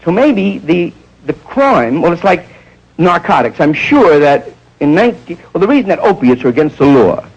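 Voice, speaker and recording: Gravelly-voiced stand-up comedian, lively pitch. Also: male voice, lo-fi sound. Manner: jumps into quick voices of the people in his stories. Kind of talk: stand-up storytelling.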